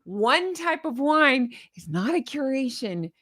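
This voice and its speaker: Woman host, sarcastic and exasperated commentary, a bit high-pitched, close and dry. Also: very animated, takes it slowly, a bit bright, no room sound.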